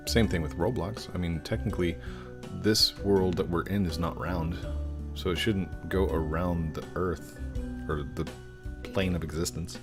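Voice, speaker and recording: A middle-aged game streamer with a low-pitched, fairly even, unhurried voice hosts a casual live stream, reading viewer questions aloud in a chatty, goofy way and stumbling over usernames. Faint guitar music plays in the background.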